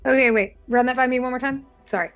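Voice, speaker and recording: Woman, tabletop game player, highish voice, chatty, rambling, playful. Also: fairly even intonation, brisk, dull audio, faint music behind. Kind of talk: casual chat during a tabletop game.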